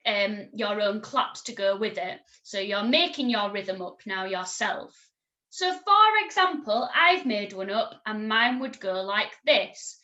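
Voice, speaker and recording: A woman teaching a recorded music lesson to children, encouraging and clear, singing and chanting examples. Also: a little high, bright, forceful tone.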